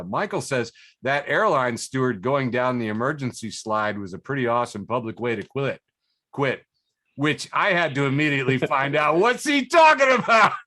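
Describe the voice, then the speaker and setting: A man's voice: medium pitch, a bit bright, dry recording, clean studio sound. A man hosting a casual podcast chat over a video call. He reads social media posts aloud, laughs often and puts funny voices on the quotes. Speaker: podcast host.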